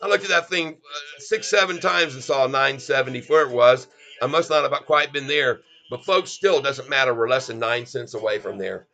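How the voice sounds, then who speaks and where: Here a middle-aged livestream host comments excitedly on a stock chart, shouting out its moves to viewers he treats as folks. His medium-pitched voice is creaky, pushed and bright, and he talks at a normal speed.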